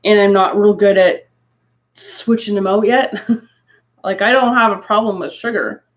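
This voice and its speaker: A Canadian woman with a medium-pitched voice speaks at a moderate pace while casually chatting to her craft livestream audience. She laughs frequently and rambles through asides, heard through dull, lo-fi stream audio.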